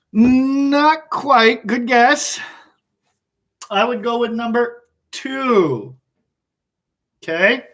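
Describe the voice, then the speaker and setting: A male English teacher giving an online class, explaining slowly and patiently and chuckling often. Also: high-pitched, a bit bright.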